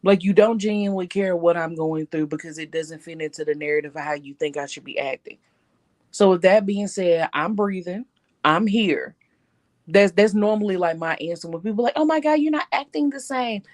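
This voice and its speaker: A woman's voice: fairly low pitch, moderate pace, darkish tone. A woman co-hosting a casual talk show, speaking plainly and firmly, often backing up her partner. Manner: chimes in with agreement, then speaks plainly and firmly. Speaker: podcast co-host. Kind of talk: casual chat.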